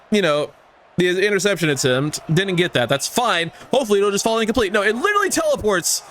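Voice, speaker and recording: A man's voice: sits high, a bit bright, a little hiss or hum. A man giving casual gameplay commentary, swearing and ranting at the game with exasperation. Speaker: gaming YouTuber.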